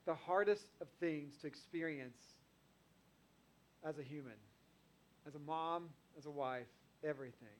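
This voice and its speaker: A man with a notably high voice delivers a sermon. He reads scripture and then retells it in earnest, conversational terms, sounding like a pastor talking plainly to his congregation. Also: measured pace, pauses often, slight background noise. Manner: earnest, conversational preaching, paraphrasing scripture in everyday speech.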